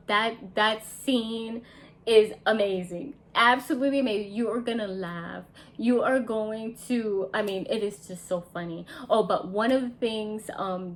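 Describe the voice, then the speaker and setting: A woman's voice: medium pitch, a bit bright. A woman casually reviewing a classic movie, chatty and enthusiastic, with lots of fillers.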